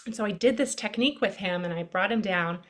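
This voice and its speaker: A middle-aged woman, a pediatric neurologist, explaining a calming technique in a gentle, storytelling way during an interview. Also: mid-range voice, fast talker. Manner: gentle, storytelling, drops to a soft hush. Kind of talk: conversational interview.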